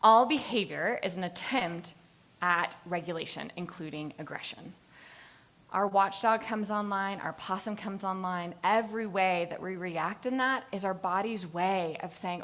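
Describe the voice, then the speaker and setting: A young adult woman giving a live capstone presentation, telling a story with lively, acted-out voices. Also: medium pitch, measured pace. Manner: expressive storytelling, acts out voices in anecdotes. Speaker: graduate student presenter. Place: presentation hall.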